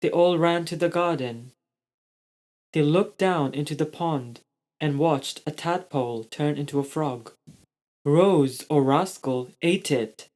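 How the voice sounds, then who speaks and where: A storyteller reading a children's story aloud in a slow, steady manner. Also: medium pitch.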